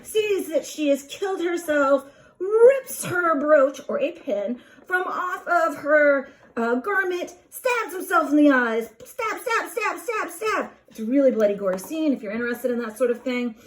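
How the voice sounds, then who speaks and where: A woman's voice: sits high, moderate pace. A woman teacher retelling a classic tragedy in a chatty, playful way, with lots of filler phrases. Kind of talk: casual classroom retelling of a play.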